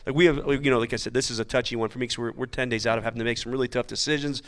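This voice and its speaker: Halting, searching male coach. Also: medium pitch, fairly even intonation, a bit bright, clean tone. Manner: halting, repeats words, searching. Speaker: baseball coach. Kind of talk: casual panel chat.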